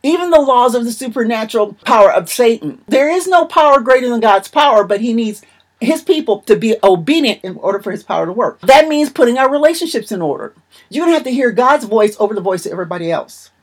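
Woman preacher, fairly high, breathy voice, emphatic and repetitive sermon delivery. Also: lively intonation, fast talker.

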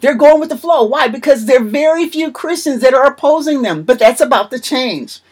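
A woman's voice: high voice, lively intonation, brisk, darkish tone. A woman preaching a sermon in an emphatic, repetitive manner.

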